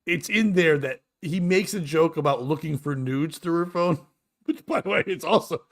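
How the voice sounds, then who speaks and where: A man's voice: fairly high pitch, normal speed. A man hosting a casual comedic chat show, reading out texts, mocking them crudely and laughing often. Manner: reads out texts and riffs on them. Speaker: host.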